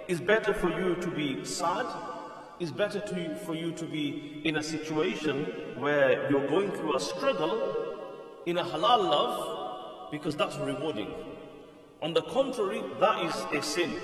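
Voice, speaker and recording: A man preaching an Islamic lecture, explaining in English and quoting classical Arabic text at speed, with an emphatic, repetitive cadence. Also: a little high. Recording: echoey hall, voice from far off, faint music.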